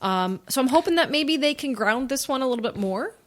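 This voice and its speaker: A woman co-hosting a podcast, chatty and quick to laugh, often stumbling over words as she runs through film news. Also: high voice, expressive, a bit bright. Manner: chatty, giggly, trips over her words. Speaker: podcast co-host. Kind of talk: casual podcast chat.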